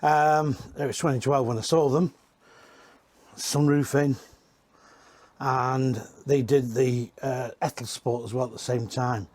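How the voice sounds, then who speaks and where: A man's voice: medium pitch, steady tone, unhurried, darkish tone, no room sound. A man giving a casual, rambling walk-around tour inside used caravans, chatting and correcting himself as he goes. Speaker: caravan industry reviewer.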